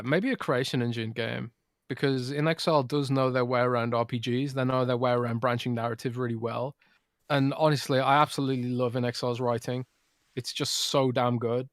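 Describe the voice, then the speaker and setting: A man's voice: medium pitch, smooth, no echo, clean studio sound. A man co-hosting a gaming podcast, talking casually and enthusiastically with lots of fillers. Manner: animated, enthusiastic, rambling with fillers. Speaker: podcast co-host. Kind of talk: casual chat.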